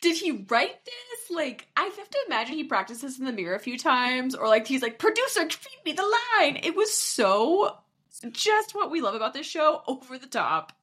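A young woman co-hosting a casual podcast, quick and expressive, laughing often. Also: high voice, slightly rough. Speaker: podcast co-host. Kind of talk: casual chat.

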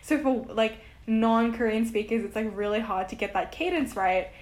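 A woman's voice: a little high, normal speed, darkish tone. A young woman hosting a podcast, chatting animatedly and telling stories. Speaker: podcast host. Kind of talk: casual chat. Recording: roomy echo.

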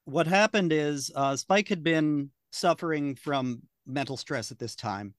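A man's voice: on the high side, a little slow, no room sound, clean studio sound. A man in casual podcast chat, explaining background details with occasional fillers.

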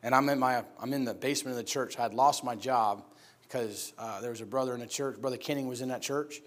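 A man preaching in a church, telling his personal story in an animated, laughing storytelling manner. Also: mid-range voice, fast talker. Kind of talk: sermon testimony.

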